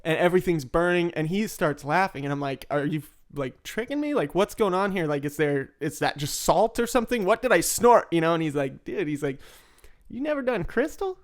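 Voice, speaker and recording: A man with a slightly high voice tells his story casually and with energy. He laughs often and acts out other people's lines, sometimes loudly. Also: a little fast, few pauses. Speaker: interviewee in recovery.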